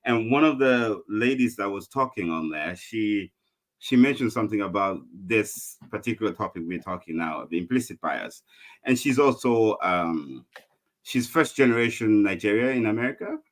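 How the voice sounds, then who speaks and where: A man on a podcast panel, talking in a halting way with many restarts. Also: fairly low pitch, expressive. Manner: halting, lots of restarts and fillers. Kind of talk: casual podcast chat.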